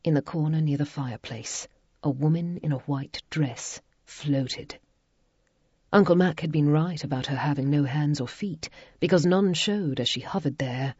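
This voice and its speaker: A woman narrating a historical romance audiobook in a measured storytelling manner, in a dull lo-fi recording. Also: low-pitched, darkish tone, slightly rough, no room sound. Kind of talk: scripted narration.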